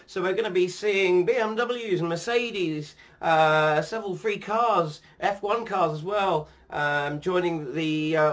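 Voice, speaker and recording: Vlogger, male, fairly high voice, loose rambling delivery full of ums. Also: a bit bright. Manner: rambling, many ums and restarts. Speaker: sim racing YouTuber. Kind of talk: casual vlog chat.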